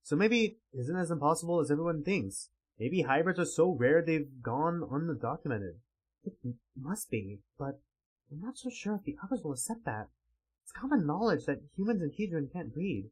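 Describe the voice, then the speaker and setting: A man voicing a gentle young tiger-like woman who speaks softly and earnestly. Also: fairly high pitch, lively intonation, moderate pace, husky, rough recording.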